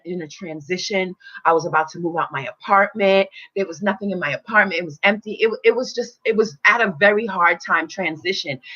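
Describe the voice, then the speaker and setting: A woman spiritual teacher telling a personal story in casual, animated talk, swearing freely and acting out quotes. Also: on the low side. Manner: animated, swearing, acts out quotes in loud voices. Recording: dull lo-fi recording.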